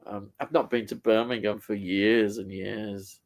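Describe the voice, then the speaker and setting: A man's voice: on the low side, steady tone, a little slow. A man co-hosting a casual live stream, chatting about classic TV and reading out viewer comments with frequent laughs.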